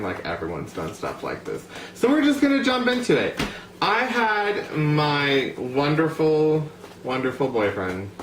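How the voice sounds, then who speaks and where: A young man from the United States talks to camera in a loose, rambling vlog, piling on "like" and "um". His voice has a middling pitch. The room is echoey, with faint ambience behind him. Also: fairly bright tone, a little hiss or hum. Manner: chatty, rambling, filler-heavy. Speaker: vlogger. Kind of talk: casual talk to camera.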